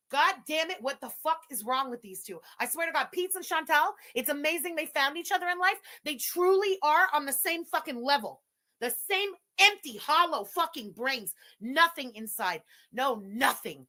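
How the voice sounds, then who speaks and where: Livid streamer lady cussing everyone out, highish voice, super bright and sharp. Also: lively intonation, normal speed. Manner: profane, furious, shouting insults. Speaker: livestreamer. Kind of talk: angry livestream rant.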